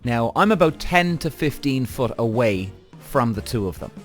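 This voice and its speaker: A man hosting a podcast, telling a story in an animated, swearing rant aimed straight at his listeners. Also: medium pitch, normal speed, faint music behind. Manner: animated, addresses audience directly, frequent swearing and acted-out quotes. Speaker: podcast host.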